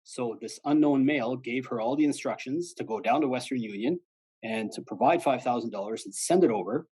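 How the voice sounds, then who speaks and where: Husky-voiced man giving a fraud talk. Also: mid-range voice, fairly quick, mellow, low-quality recording. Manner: conversational and plain-spoken, acts out quoted callers. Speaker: fraud-awareness presenter, former police officer. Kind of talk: informal educational presentation.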